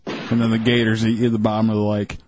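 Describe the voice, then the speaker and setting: A man's voice: fairly low pitch, fast talker. A male radio co-host cracking jokes and jabs at a guest on the air. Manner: wisecracking, deadpan jabs. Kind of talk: radio show banter. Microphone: studio radio mic. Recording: dull noisy radio broadcast.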